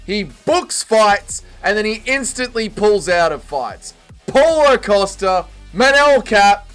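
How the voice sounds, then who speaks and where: A man hosting a casual livestream, greeting chat and joking around. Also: high-pitched. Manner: banters with chat, jokey and animated. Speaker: livestream host. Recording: faint music behind.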